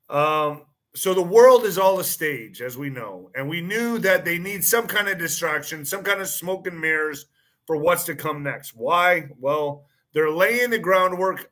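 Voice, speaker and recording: A man's voice: fairly high pitch, sharp tone. A man hosting his own online show, talking through a casual monologue, repeating phrases and framing his points as questions. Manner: repeats phrases, frequent restarts and fillers; poses claims as pointed questions.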